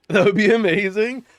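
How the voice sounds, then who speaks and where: A man's voice: high voice, dry recording. A man chatting casually during a live stream, rambling and laughing often between remarks. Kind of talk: casual live-stream chat while gaming.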